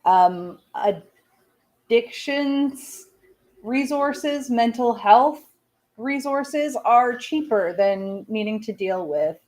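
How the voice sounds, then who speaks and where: A woman's voice: medium pitch, a little mellow. A woman hosting a casual talk-radio show, ranting with lots of swearing and chatting about her day. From outside the United States. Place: home studio, smoking while on air.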